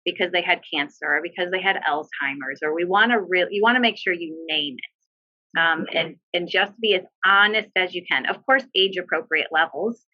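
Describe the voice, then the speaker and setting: A woman with a fairly low voice speaks at normal speed, with the highs cut off in the recording. She's a bereavement social worker on a video call during a webinar discussion, giving earnest, direct advice with frequent fillers.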